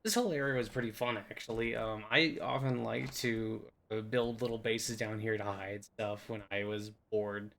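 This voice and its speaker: A man's voice: on the low side, fairly even intonation, moderate pace, creaky, few pauses, fairly bright tone, slight background noise. Rambling goofy young man touring a game map. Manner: goofy, rambling, playful silly voices. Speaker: game video host. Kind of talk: rambling casual map tour.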